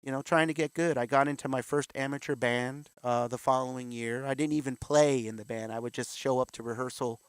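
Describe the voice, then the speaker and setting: A man's voice: mid-range voice, steady tone, fairly quick, hardly any pauses, clear, resonant tone, no echo. A man in his fifties, a guest in an interview, telling his story candidly and acting out the voices of the people he quotes. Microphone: video call.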